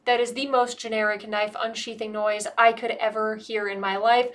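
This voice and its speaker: A woman's voice: mid-range voice, little pitch movement, normal speed, few pauses, a little hiss or hum. An American woman giving a casual comedic movie review, sarcastic and profane, rambling and a bit tipsy. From United States.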